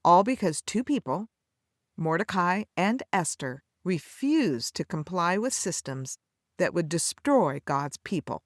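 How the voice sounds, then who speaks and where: A woman's voice: on the low side, very animated, a little slow, no echo, studio quality. A woman podcast host giving a scripted devotional Bible teaching, speaking tenderly to the listener as a friend and telling the story with a dramatic cadence.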